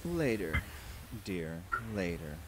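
Casting: man voicing a soft, evasive aunt who calls people dear, over a noisy line. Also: low-pitched, big pitch swings, slow pace, voice pushed down, full character voice. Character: doting aunt, a woman, gently evasive.

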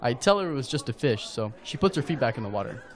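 An actor playing a casual teenage boy who tells a story in an animated way. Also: mid-range voice, quick pace, some chatter behind, close to an everyday voice. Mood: storytelling. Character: teen boy Kurt, laid-back and easily spooked. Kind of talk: audio drama acting.

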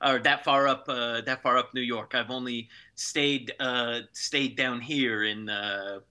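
A man's voice: mid-range voice, fairly even intonation, unhurried, pushed and bright, clean tone. A man playing a tall, touchy former heavyweight wrestler in an improvised comedy scene, rambling with many hesitant fillers. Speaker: improv podcast host.

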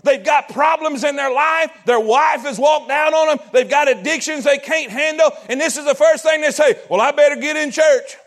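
A man preaching a sermon in a church, animated, repeating lines, shouting at times and asking the congregation questions. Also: very high voice, normal speed, few pauses. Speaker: pastor. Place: church sanctuary.

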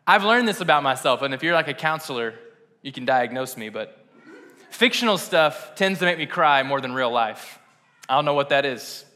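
Chatty young pastor in an echoing hall. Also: male voice, medium pitch, lively intonation, normal speed, bright, forceful tone. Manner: chatty, self-deprecating, laughs at himself. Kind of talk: casual conversational sermon. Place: church sanctuary. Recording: long reverb in a hall.

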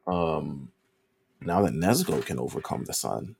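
A man's voice: a bass voice, lively intonation, measured pace, creaky, darkish tone, slightly rough. A man co-hosting a podcast, recapping an anime season in casual chat, rambling with lots of ums and casual swearing. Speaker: podcast co-host.

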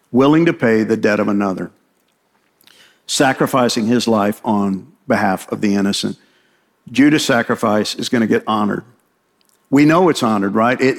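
A man preaching a sermon, retelling a scripture story in paraphrased dialogue and checking in with the congregation. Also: mid-range voice. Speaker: pastor.

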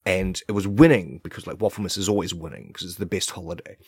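A man hosting a comedy podcast, rambling through an absurd monologue with deadpan delivery. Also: deep voice, fast talker, husky, dry recording, clean studio sound. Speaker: podcast host.

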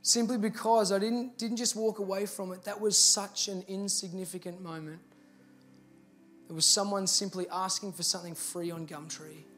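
A man's voice: high-pitched, fairly even intonation, normal speed, fairly bright tone, soft background music. A man with an Australian accent, a pastor telling a personal story in a sermon and building to earnest, emphatic appeals. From Victoria, Australia.

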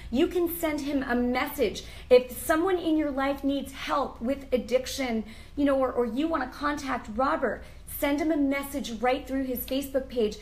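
A high-voiced woman hosting a faith talk show. She speaks with fervent, emotional conviction, leans into earnest appeals and prays aloud. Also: poor audio. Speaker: host. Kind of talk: Christian interview show.

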